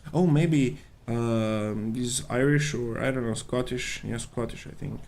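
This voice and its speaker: A man's voice: medium pitch, measured pace, a little mellow. A man with a worn-out voice, rambling and thinking aloud in casual chat while sketching on a live stream. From Serbia.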